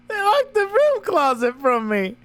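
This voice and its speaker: A man streams a game in giggly, playful commentary, high from an edible and swearing loosely. His delivery is slow and drawn out, and his pitch bounces around a lot. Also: fairly bright tone, no room sound. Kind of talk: casual gameplay commentary.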